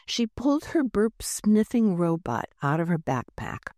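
A woman reads a children's chapter book aloud, her voice warm and mellow and set fairly low. Her pitch rises and falls in a lively, expressive way, and the recording is close and dry. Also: unhurried, few pauses, no room sound. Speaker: narrator. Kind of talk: storybook narration read aloud.

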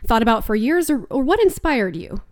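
A woman hosting a public radio interview, asking friendly, measured questions. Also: on the high side, big pitch swings, dry recording, clean studio sound.

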